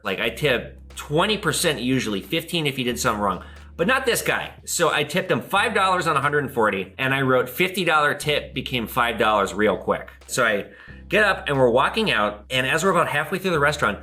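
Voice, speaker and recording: A man who hosts a pawn shop show, telling a story casually to camera in an animated way and acting out the people he quotes. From Minnesota. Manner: animated, acts out quoted people with big jumps in pitch. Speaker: pawn shop owner and host.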